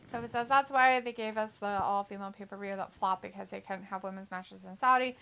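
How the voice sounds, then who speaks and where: A woman's voice: mid-range voice, a little fast, gravelly, pushed and bright, clean tone. A woman co-hosting a wrestling watch-along live stream in casual chat, reading viewer comments aloud and reacting to them. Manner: chatty, reads chat messages then reacts.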